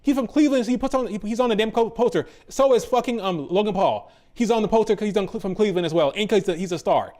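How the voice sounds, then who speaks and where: A man's voice: high-pitched, fast, few pauses, darkish tone. A man hosting a wrestling commentary channel, ranting in an exasperated, profane, repetitive way.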